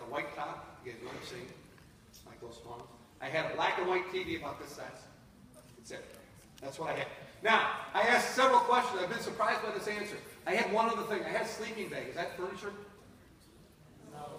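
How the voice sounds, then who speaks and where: A man in his fifties from North Dakota, telling a personal story live to an audience in an animated way, speaking to them directly. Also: a little high, a little hiss or hum. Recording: echoey hall from far off.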